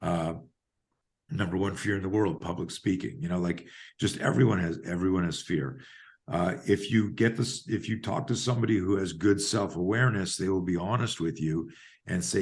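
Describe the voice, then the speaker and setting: A deep-voiced man in his fifties, speaking as a podcast guest. He tells stories with animated emphasis, pressing hard on key words. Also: normal speed. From Canada. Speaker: guest, self-defense coach. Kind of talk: podcast interview storytelling.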